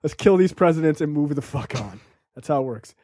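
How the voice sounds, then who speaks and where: A man with a slightly high voice riffs profanely through a movie review, laughing often. The sound is close and dry, with no room around it. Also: animated, a little fast, dark tone, dry recording. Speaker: podcast co-host. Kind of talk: casual film-review banter.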